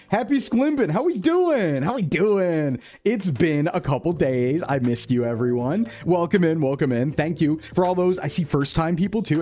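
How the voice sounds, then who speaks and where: A man's voice: fairly high pitch, warm tone. A man chatting casually on a live stream, upbeat and talkative, greeting viewers by name.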